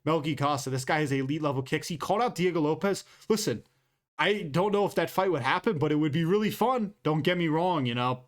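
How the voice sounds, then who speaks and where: A man giving a casual, off-the-cuff fight recap, blunt and opinionated, swearing freely. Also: fairly high pitch. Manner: quick, off-the-cuff delivery with fillers. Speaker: MMA commentator and YouTuber.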